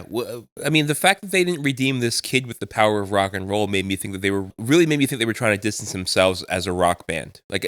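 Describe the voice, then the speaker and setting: Middle-aged man, podcast co-host, low-pitched, laid-back, dry remarks, close dry mic. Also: a bit bright, no echo. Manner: laid-back, short reactions and dry jokes. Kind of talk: casual chat.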